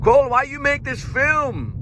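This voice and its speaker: A man putting on a baffled foreign film director with an exaggerated German accent and broken, halting phrasing. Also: extremely high pitch, very animated, noisy background, pitched above the performer's own voice, full character voice.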